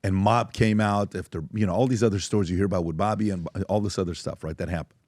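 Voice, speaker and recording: A man's voice: sits low, fairly even intonation, quick pace, a little mellow, no room sound. Sex: man. Role: talk-show host. Sound: dry studio. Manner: conversational, leads discussion with questions. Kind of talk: hosting a panel talk show.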